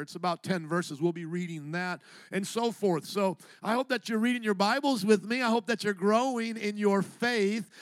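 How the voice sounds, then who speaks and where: A man, a pastor, preaching a lively, joking sermon and calling on the congregation to answer back. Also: sits high, no room sound.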